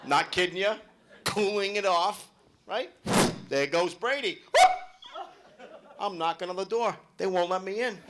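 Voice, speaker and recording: A middle-aged man doing loud, animated, swearing stand-up storytelling at a club show. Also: high-pitched, normal speed, heavy background noise. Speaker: stand-up comedian. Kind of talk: live stand-up comedy. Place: club event hall with live audience.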